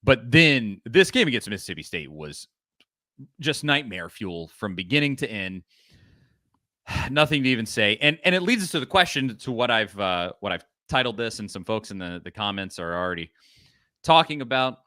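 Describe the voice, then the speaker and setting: A man hosting a casual sports podcast, chatting with laughs and rattling through ad reads quickly. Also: fairly low pitch, no room sound, clean studio sound. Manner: lively, laughing, reads ad copy fast. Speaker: podcast host.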